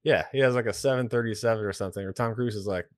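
A man in his forties speaks with a somewhat low voice, recorded close and dry. He explains things as a guest in a casual podcast chat. His manner is wry and blunt. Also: very fast, no echo. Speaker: podcast guest, retired military aviator.

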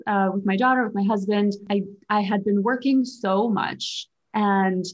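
A woman co-hosting a podcast, a coach who tells a personal story in a chatty, animated way and swears freely. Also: medium pitch, unhurried, dull audio. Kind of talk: casual chat. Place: lives in Germany.

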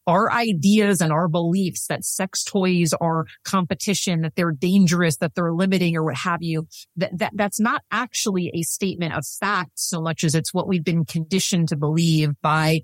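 A woman's voice: on the low side, fairly even intonation, normal speed, dry recording, clean studio sound. A woman guest on a podcast who answers earnestly and emphatically, repeating her key points and laughing easily while staying serious. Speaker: sex and intimacy coach, podcast guest.

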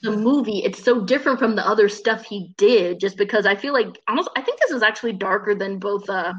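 A woman casually talking about a movie with a co-host, animated and quick to act out quoted lines in high voices. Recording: muffled lo-fi audio.

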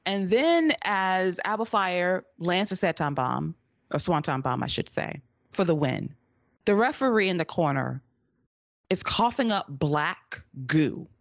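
A woman's voice: lowish voice, measured pace, no echo. A woman co-hosting a wrestling podcast, recapping matches in casual chat and often breaking into laughter. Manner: laughs often, animated storytelling. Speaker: podcast co-host.

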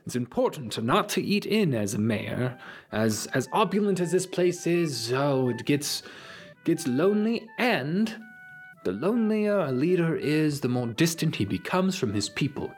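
Man voicing a jolly, charismatic tabletop-game mayor, raised pitch, chummy and effusive. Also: sing-song, a little slow, faint music behind. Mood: jovial. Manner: high, bright, chummy and effusive. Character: jovial charismatic male mayor, middle-aged.

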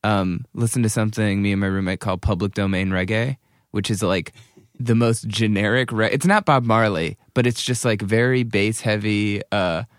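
A man's voice: lowish voice, normal speed, no echo. Rambling male podcaster, dry close mic. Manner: rambling, hesitant, restarts. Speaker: podcast co-host. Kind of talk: casual chat.

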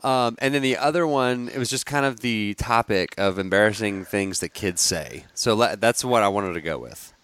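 A man's voice: fairly low pitch, normal speed, few pauses, a bit bright, no room sound. A man co-hosting a podcast in casual chat, teasing and laughing often. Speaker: podcast co-host.

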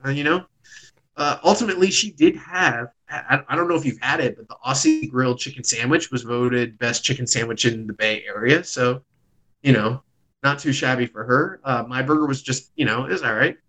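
Podcast host, man, loose rambling delivery with swearing, mid pitch. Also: normal speed, pushed and bright, poor audio. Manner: rambling storyteller, swears freely. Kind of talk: casual podcast chat.

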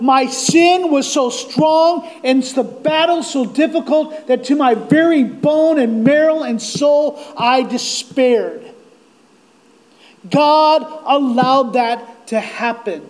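High-voiced, slow preaching man. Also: rough recording. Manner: impassioned, swells to near-shouts on quoted cries. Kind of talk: sermon.

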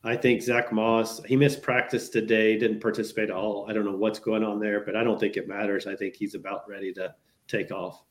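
A man's voice: lowish voice, little pitch movement, a little fast. A man appearing as a guest on a sports podcast, giving brief, laid-back opinions. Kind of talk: casual chat.

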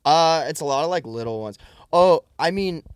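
Animated young man telling stories. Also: fairly high pitch, normal speed, clean tone, no echo, clean studio sound. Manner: animated storyteller, swearing, lots of fillers. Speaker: podcast guest. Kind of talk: casual chat.

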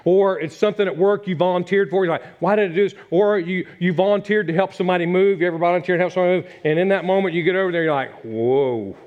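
A man's voice: high voice, fairly even intonation, very fast, few pauses, narrow, tinny audio. A middle-aged man from Virginia preaching a sermon as pastor, talking in a conversational way that repeats its points and turns to the congregation with asides.

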